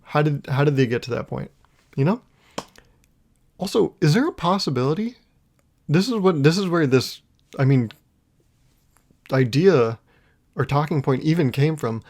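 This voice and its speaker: A man's voice: a little high, animated, moderate pace, long pauses, a little mellow. A young man hosting a solo podcast, rambling through a casual comedic monologue and laughing at his own jokes. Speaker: podcast host.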